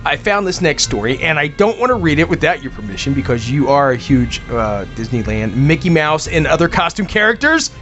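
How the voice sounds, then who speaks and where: High, lively jokey podcast co-host. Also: male voice, a little fast, hardly any pauses. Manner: jokey, laughing while reading news stories. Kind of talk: comedic podcast chat. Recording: dull lo-fi podcast audio with faint music.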